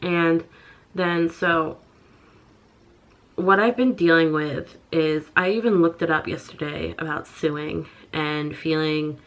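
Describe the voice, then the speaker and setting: A young woman vlogging in a halting, upset way, full of pauses and fillers. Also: deep voice. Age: young adult. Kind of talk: personal confessional vlog.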